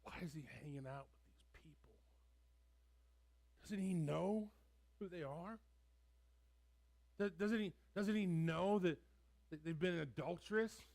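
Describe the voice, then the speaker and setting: A man's voice: sits high, a little slow, gravelly, pauses often, a little mellow. A man voicing a scoffing male Pharisee in a sermon role-play, sneering and firing incredulous questions. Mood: scornful. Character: scoffing male Pharisee, judgmental religious leader.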